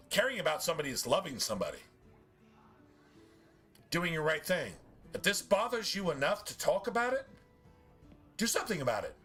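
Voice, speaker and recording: A man's voice: on the high side, bright, forceful tone, slightly rough. A man streaming a game and ranting casually, swearing often in a preachy, emphatic way. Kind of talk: casual rant while gaming.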